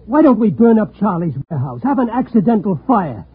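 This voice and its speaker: A jittery, panicky executive in an old radio play. His raspy voice runs high and swings up and down, and the broadcast sounds thin and tinny. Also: brisk, full character voice. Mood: anxious. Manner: jumpy, pleading, excitable. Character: nervous male executive, panicky and excitable. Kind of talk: 1940s radio drama acting.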